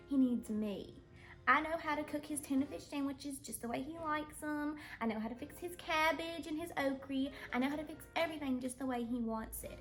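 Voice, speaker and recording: A woman playing a vain, melodramatic jilted rich wife, swinging from prim bragging to shrieking theatrics. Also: sits high. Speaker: reality show cast member being interviewed.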